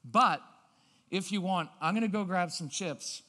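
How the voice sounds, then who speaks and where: A man giving a live parenting seminar, acting out scenes and switching between loud and quiet, low-key tones. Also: unhurried. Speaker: parenting speaker. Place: church auditorium. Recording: long reverb of a large hall.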